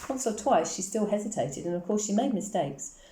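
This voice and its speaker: Woman reader, low mellow voice, quick steady storytelling, roomy echo. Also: a little hiss or hum. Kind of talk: reading a novel aloud. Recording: echoey room.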